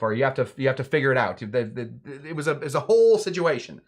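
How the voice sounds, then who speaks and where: A man's voice: medium pitch, big pitch swings, quick pace. A young adult man hosting a live cocktail show in a casual, rambling, digressive way, often correcting himself as he talks. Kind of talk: casual livestream chat.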